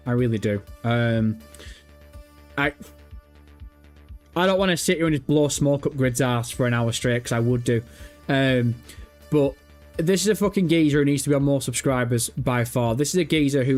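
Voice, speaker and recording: A man with a British accent hosting a live stream, chatting casually, excitable and swearing freely as he banters with his audience. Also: medium pitch. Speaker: livestream host. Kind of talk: casual livestream chat.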